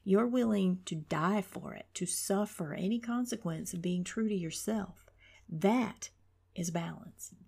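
A woman reading the lines of a calm, unemotional male divine guide who speaks without inflection. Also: mid-range voice, a little slow, gravelly, husky. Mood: calm, flat.

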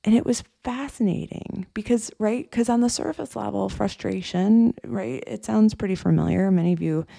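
A coach talks through a podcast monologue in a heavily gravelly, mellow voice. The delivery is casual and chatty, full of fillers and tag questions. The sound is close and dry. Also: medium pitch, normal speed, hardly any pauses, no room sound.

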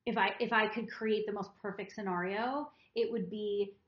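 A woman's voice: medium pitch, fairly even intonation, moderate pace, reverberant, lo-fi sound. A woman co-hosting a podcast who tells a personal story to her partner in an earnest, emotional, rambling way. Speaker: podcast co-host.

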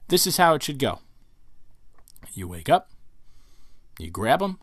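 Male podcast host, conversational instructor, animated pitch, dry close mic. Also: unhurried, no room sound. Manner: conversational, acts out examples, lively. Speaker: podcast host giving dog training advice. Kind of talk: casual instructional monologue.

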